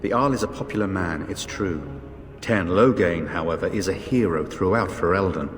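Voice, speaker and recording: A man's voice: sits low, moderate pace, lightly acted. An actor playing a courteous, worried male knight in a fantasy video game. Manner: formal, courteous, anxious. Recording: game audio with long reverb and faint music.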